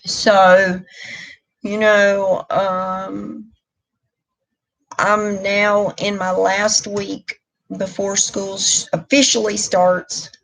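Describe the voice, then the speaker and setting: Slow-talking candid woman vlogger. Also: mid-range voice, level tone, vocal fry, low-quality recording. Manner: candid, emotional, rambling with restarts. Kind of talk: casual live stream chat.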